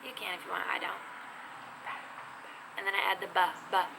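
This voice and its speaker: A woman teaching a casual video lesson on sign language, talking in an animated, expressive, chatty way. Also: medium pitch, moderate pace, gravelly. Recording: noisy background.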